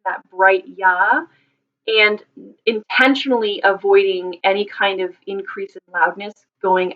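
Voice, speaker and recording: A woman's voice: medium pitch, dull audio. A woman speaking as a voice teacher, thoughtfully explaining singing technique with frequent ums and restarts.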